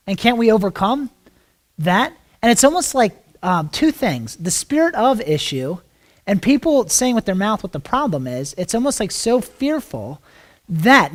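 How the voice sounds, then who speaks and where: Rambling ministry school teacher, frank asides. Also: medium pitch. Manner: rambling, many fillers and rhetorical questions. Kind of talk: informal class teaching with Q&A.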